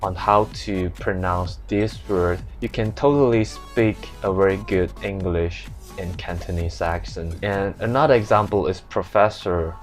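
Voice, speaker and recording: A young Malaysian man explaining English pronunciation in a casual lesson, listing example words one by one and then repeating them. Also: on the low side.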